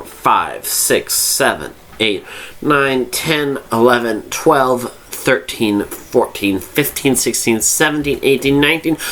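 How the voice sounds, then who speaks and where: A man's voice: mid-range voice, fairly bright tone. A drunk man hosting a casual, rambling review monologue, swearing freely and losing his train of thought. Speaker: fanfiction review host.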